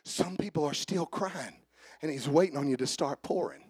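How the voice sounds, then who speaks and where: A male pastor preaching a sermon, telling stories and repeating phrases for emphasis, moving from quiet asides to fervent shouting. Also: a little high, expressive, normal speed, husky, dry recording.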